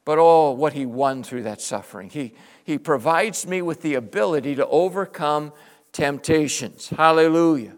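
A middle-aged male pastor preaching with passion, swinging between loud exclamations and hushed, tender passages. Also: fairly high pitch, moderate pace. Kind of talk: sermon.

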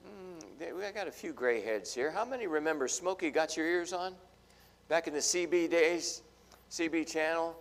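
Animated preacher with a gravelly voice in a reverberant hall. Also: male voice, fairly high pitch. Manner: animated, swings from loud emphasis to hushed asides, acts out voices in his story. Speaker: pastor. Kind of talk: sermon. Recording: long reverb of a large hall.

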